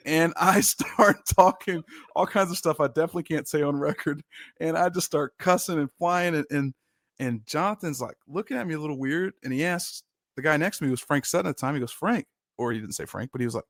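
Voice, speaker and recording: A man in his thirties co-hosting a sports podcast, telling football stories in a casual, animated way and laughing often. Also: a little high, a little fast, no room sound, studio quality. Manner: animated storyteller, shouts quoted lines, laughs often. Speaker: podcast co-host, former lineman. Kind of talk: casual storytelling chat.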